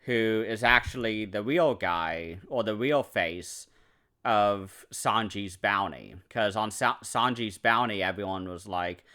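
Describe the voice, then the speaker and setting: A man's voice: fairly low pitch, takes it slowly, pushed and bright. A man giving a casual, enthusiastic anime review, rambling with fillers and self-corrections.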